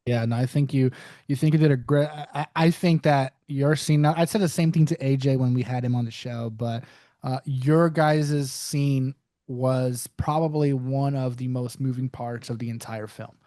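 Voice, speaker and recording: A male podcast co-host chats casually and keeps affirming his guest. His voice is mellow and warm, recorded dry and close. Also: mid-range voice, steady tone, moderate pace, no room sound. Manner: agreeable, affirming. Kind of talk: casual interview chat.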